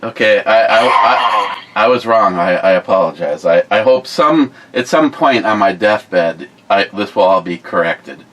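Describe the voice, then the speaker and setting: A man's voice: lowish voice, expressive, a little slow, fairly bright tone, slight background noise, rough recording. A middle-aged man hosting a casual video, stammering and apologizing in a laid-back way. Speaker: channel host, father. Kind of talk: casual vlog talk.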